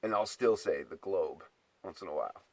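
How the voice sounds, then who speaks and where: A man's voice: low-pitched, animated, moderate pace. A man delivering an exasperated, profane ranting monologue, mocking his listeners.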